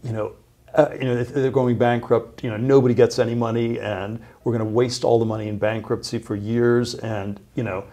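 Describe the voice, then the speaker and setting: A middle-aged man telling a long story as an interview guest, halting, with many fillers and restarts. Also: mid-range voice, flat delivery, dark tone.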